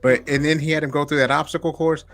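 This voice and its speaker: A man's voice: on the high side, fast talker. A man co-hosting a casual podcast chat, talking loosely and acting out quotes with laughs. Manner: animated, acts out quotes with laughter. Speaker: podcast co-host.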